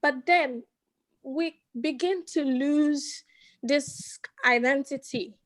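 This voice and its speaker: A woman's voice: high-pitched, slow. A woman asking a panel question in a hesitant way, searching for her words. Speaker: audience member asking a question.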